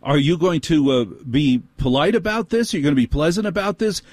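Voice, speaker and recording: A man's voice: brisk, a little mellow, no echo, natural voice. A man putting on the voice of a brittle, condescending male store manager who lectures a customer. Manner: prissy, lecturing, higher-pitched mock voice.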